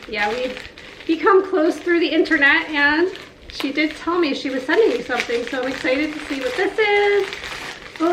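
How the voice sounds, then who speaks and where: A woman's voice: high voice, a bit bright, slight background noise. A woman in her forties vlogging casually as she opens gifts, gushing and laughing often. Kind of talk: casual vlog, opening gifts. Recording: echoey room with faint ambience.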